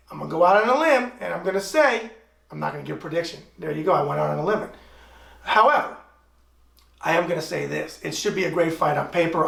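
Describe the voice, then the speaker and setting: A high-pitched, gravelly man from the US East Coast opens his own web talk show with a brash, wisecracking monologue full of strong opinions. The sound is roomy and echoey, picked up by a camera mic set some distance away. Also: fairly bright tone. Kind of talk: improvised monologue opening. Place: room in Tulsa, Oklahoma.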